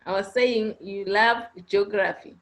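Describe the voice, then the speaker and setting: Slow, patient woman teacher. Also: medium pitch, steady tone, low-quality recording. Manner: patient, repeats points, checks answers with "okay?". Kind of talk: online class lesson. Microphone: online video class audio.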